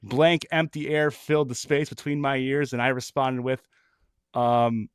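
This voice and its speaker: A man reading a comic story aloud in a mock-dramatic, animated way, laughing often. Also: medium pitch, a little slow, clear, resonant tone, no room sound, clean studio sound. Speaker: reader of comic stories.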